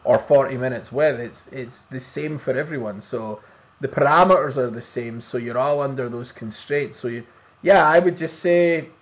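A man's voice: medium pitch, moderate pace. A man with a mid-range voice hosts a podcast in easy, laid-back chat, thinking aloud as he goes. The recording sounds somewhat dull and lo-fi. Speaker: podcast host.

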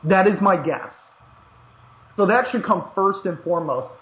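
A man who hosts a poker podcast and coaches players. He talks in an animated, emphatic way, repeats words when he gets going and acts out little bits of dialogue. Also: high-pitched, normal speed, reverberant, muffled recording.

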